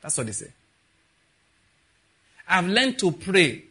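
A man preaching a sermon, telling stories with quiet asides that build to emphatic peaks. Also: high voice, big pitch swings, takes it slowly, breathy edge. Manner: storytelling with soft asides and rising emphatic peaks.

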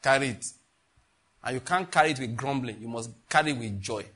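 A man preaching a sermon as pastor, repeating phrases and swinging between loud and hushed delivery. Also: medium pitch, a little fast, husky.

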